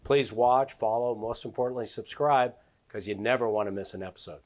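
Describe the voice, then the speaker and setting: Male host, friendly and affirming, promo sign-off energy, medium pitch. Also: brisk. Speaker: podcast host. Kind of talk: interview hosting and sign-off. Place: car storage shop.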